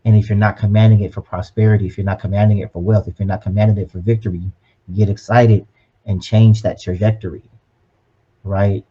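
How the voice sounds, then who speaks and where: A man's voice: lowish voice, little pitch movement, fairly quick, husky, highs cut off. A man co-hosting a podcast in an upbeat, preachy tone, often tagging "right?" onto his points. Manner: upbeat, preachy, often adds "right?" and "you know what I'm saying". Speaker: podcast co-host. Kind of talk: casual motivational podcast chat.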